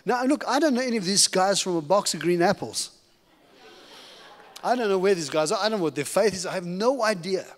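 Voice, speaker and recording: Middle-aged African man, guest preacher, lively funny storyteller, highish pitch, echoing church hall. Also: brisk. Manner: animated, humorous storytelling. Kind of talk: testimony sermon. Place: church sanctuary. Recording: long reverb of a church hall.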